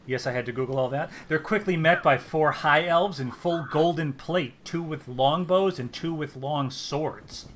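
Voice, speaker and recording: Game master, man, bright and slightly high voice, casual narration with ums. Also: normal speed, few pauses, slight background noise. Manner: filler-heavy, casual.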